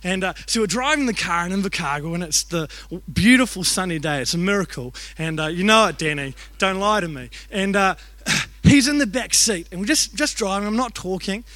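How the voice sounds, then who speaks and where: A New man in his thirties preaches by telling stories, joking and acting out the voices of the people in them. His voice sits high and sounds bright and forward. The sound is dry and close. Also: brisk, dry recording. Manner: animated, jokey storytelling with acted-out voices. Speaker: youth and kids pastor. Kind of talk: storytelling sermon.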